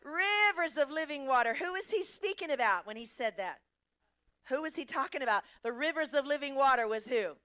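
A middle-aged woman preaching a lively sermon, asking the congregation questions and quoting scripture. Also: sits high, brisk. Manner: animated, asks the congregation questions.

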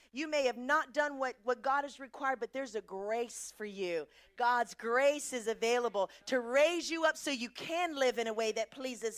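A middle-aged woman preaching a sermon, emphatic, asking the congregation questions and answering them herself. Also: high voice.

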